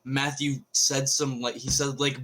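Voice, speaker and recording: Male co-host, mid-pitched, blunt and sweary in casual chat. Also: level tone, a little slow, sharp tone, poor audio. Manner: blunt and profane. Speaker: podcast co-host.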